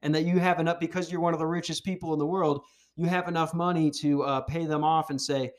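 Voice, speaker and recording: A man hosting a podcast, ranting casually in a heated, profane, animated way. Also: a little high, quick pace. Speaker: podcast host.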